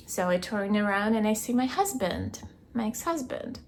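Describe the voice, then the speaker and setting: A young woman keeping a video diary, recounting a dream in a hesitant way, searching for words and filling pauses with "like". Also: medium pitch, a little hiss or hum. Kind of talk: casual personal storytelling.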